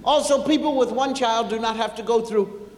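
A male comedian telling a family story on stage, unhurried and chatting directly with the audience. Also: very high-pitched, very noisy. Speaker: stand-up comedian. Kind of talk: stand-up storytelling. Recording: echoey hall with long reverb.

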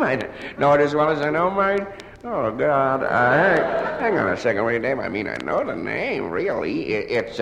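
A man's voice: medium pitch, creaky, a bit bright. A hungover man stammering through a one-sided comic phone call, sheepish and apologetic, full of hesitant restarts. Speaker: comedian. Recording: live recording in a large echoing hall with ambient noise.

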